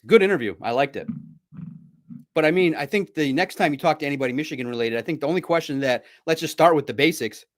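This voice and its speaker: Male sports podcast host, casual playful banter and friendly trash talk, fairly high voice with a very lively pitch. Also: quick pace. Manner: swings between loud bursts and low asides.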